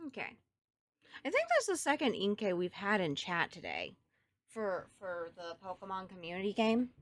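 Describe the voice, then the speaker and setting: A woman's voice: mid-range voice, sing-song, moderate pace, dry recording. A woman with a Southern US accent streaming a game, chatting casually with her viewers and thinking aloud as she plays. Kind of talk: casual gameplay chat with viewers.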